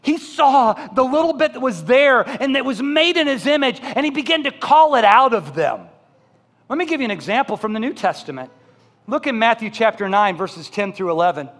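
A male pastor with a high voice delivers a sermon in a church sanctuary, his words trailing off into long hall reverb. He swings between loud, emphatic build-ups and soft, slow pleas, often asking the congregation questions. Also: animated. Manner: talks directly to the congregation with questions.

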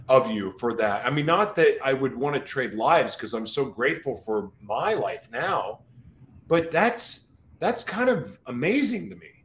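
A man's voice: mid-range voice, big pitch swings, measured pace, a bit bright, echoey room. A man hosting a faith conversation, thinking aloud in a searching, reflective way with many fillers. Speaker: host.

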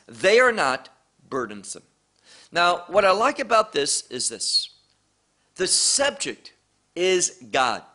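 A man teaching through a Bible chapter verse by verse, slow and deliberate, repeating key phrases for emphasis. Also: fairly high pitch, sharp tone.

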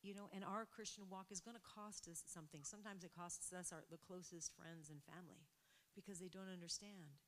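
A woman pastor preaching a sermon, building emphasis and sometimes dropping to a soft near-whisper. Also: lowish voice, steady tone, brisk, a little hiss or hum.

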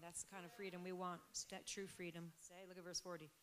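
A woman preaching a sermon with passion, dropping to quiet stretches and then rising to loud, emphatic peaks. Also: lowish voice, flat delivery, fast.

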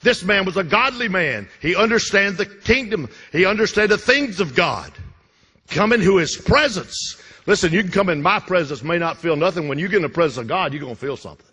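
A man preaching a fervent sermon, repeating lines and swinging from loud bursts to hushed drops. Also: sits high, expressive, brisk, breathy edge. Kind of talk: Pentecostal-style sermon. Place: church sanctuary. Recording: reverberant church hall.

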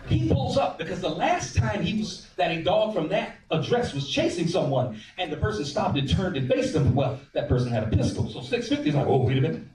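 A man telling an animated comic story on stage, acting out voices. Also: high-pitched, a little fast, hardly any pauses, a little hiss or hum. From American South. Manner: animated, acts out voices and sings bits. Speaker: stand-up comedian. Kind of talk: stand-up storytelling. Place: comedy club stage. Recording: roomy club sound from a distance.

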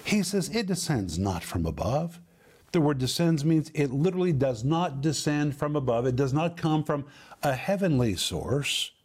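A male Bible teacher delivering a sermon-style lesson with a slightly raised pitch. He talks emphatically, repeating key words and slowing on the ones he wants to stress. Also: a little mellow.

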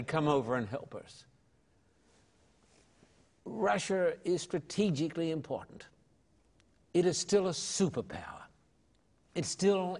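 Emphatic preacherly man, fairly high voice. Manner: preacherly, emphatic, slows on key words. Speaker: evangelist interviewee. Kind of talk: impassioned interview answers.

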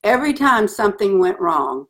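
A middle-aged woman telling a personal story in an interview, earnest and animated. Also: medium pitch, normal speed. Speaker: guest.

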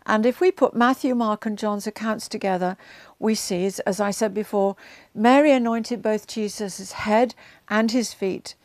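A woman's voice: medium pitch, normal speed, a little mellow, no room sound. A woman giving a conversational Bible teaching to camera, with chatty asides and frequent ums, growing emphatic as she retells scenes.

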